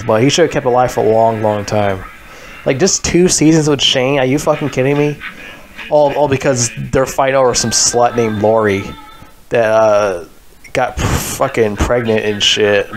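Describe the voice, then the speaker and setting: A man's voice: medium pitch, slight background noise. A man ranting in a casual vlog, heated and frustrated, swearing a lot and leaning on filler words. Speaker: vlogger. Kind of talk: casual rant about a TV show.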